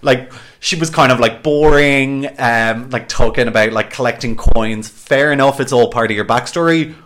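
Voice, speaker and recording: A man's voice: mid-range voice, normal speed, a bit bright, a little hiss or hum. A man hosting a podcast in a casual, gossipy chat, peppered with "like" and the odd swear. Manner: chatty, heavy use of "like", swears freely. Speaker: podcast host.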